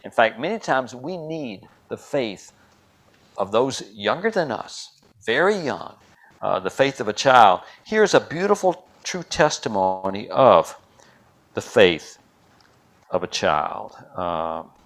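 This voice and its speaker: An older man preaching a sermon and telling a story, swinging between loud, dramatic lines and hushed ones. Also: fairly low pitch, sing-song, slow pace. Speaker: pastor.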